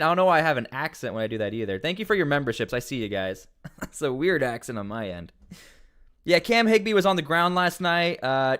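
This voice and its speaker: A man's voice: on the high side, a bit bright, clean tone. A man commenting on news during a casual livestream, rambling with many fillers and restarts.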